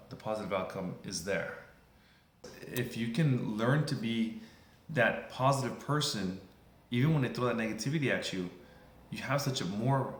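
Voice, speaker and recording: A man talks through advice in a casual, earnest motivational style, loose and conversational. His voice sits at an ordinary middle pitch. The recording carries a noticeable roomy echo. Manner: conversational, earnest, repeats "you know what". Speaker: motivational speaker.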